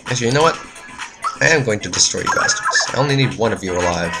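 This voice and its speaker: A woman's voice: a bass voice, lively intonation, fast talker. A woman giving let's-play commentary on a game, easily frustrated, cursing and talking back at the enemies. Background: game music.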